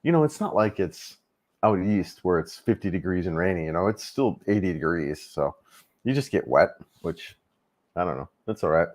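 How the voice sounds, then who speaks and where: A man's voice: low-pitched, animated, moderate pace. A middle-aged man hosting a casual travel livestream, rambling easily with lots of fillers and restarts.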